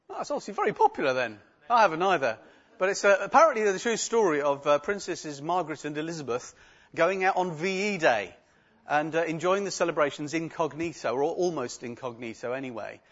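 Man preaching, raised pitch, muffled sound. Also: sing-song, brisk, a bit bright. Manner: earnest storytelling with asides. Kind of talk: sermon with scripture reading. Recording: dull lo-fi recording.

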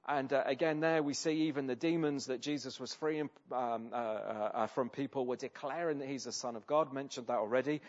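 A man's voice: mid-range voice, fairly even intonation, normal speed, lo-fi sound. Hesitant conversational preacher man. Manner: conversational, with many hesitations and restarts. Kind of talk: sermon.

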